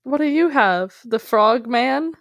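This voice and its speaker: A woman's voice: a little high, animated, takes it slowly, gravelly, no room sound. Sarcastic woman podcaster, dry sound. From Minnesota. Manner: sarcastic, teasing jokes. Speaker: podcast co-host. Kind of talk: casual podcast chat.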